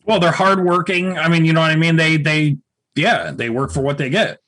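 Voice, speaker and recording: A young man on a casual podcast with a slightly high voice. He talks bluntly, swearing casually in easy chat with friends. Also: a little fast, fairly bright tone. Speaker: podcast co-host.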